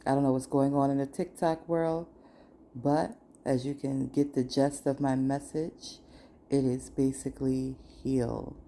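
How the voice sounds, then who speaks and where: A woman hosts a podcast, delivering an emphatic, repetitive spiritual monologue meant to motivate. Her voice rumbles low, creaky and dark in tone. The audio comes from a noisy screen recording.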